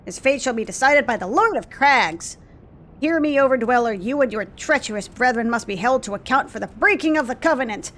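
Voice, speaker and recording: A woman's voice: fairly high pitch, lively intonation, brisk, a bit bright. A woman voicing small, fervent beastman worshippers in a video game, chanting with zeal. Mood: zealous. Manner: zealous, chanting.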